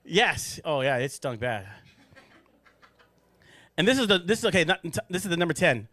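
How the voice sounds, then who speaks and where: A man hosting a casual podcast chat in a studio, animated and joking, laughing often. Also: on the high side, normal speed, dry recording. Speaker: podcast host.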